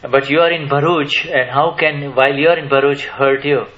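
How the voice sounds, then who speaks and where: A man's voice: mid-range voice, steady tone, normal speed, fairly bright tone, lo-fi sound. Hesitant man answering spiritual questions. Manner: hesitant, many restarts, asks the audience questions. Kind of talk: spiritual Q&A talk to a live audience.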